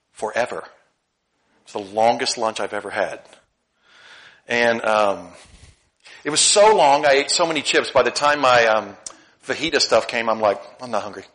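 A middle-aged male pastor preaching a sermon, swinging between loud emphatic lines and soft asides. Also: mid-range voice.

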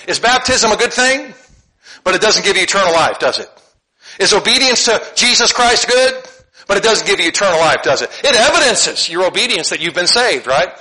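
Animated high-voiced male preacher. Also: fairly quick. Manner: animated, conversational, asks the room questions, laughs often. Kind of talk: sermon.

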